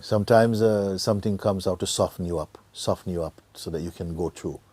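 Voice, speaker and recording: A middle-aged man giving a gentle satsang talk as a spiritual teacher, often dropping to a near whisper and laughing easily. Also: low voice, fairly quick, breathy edge. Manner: laughs easily, joyful and earnest.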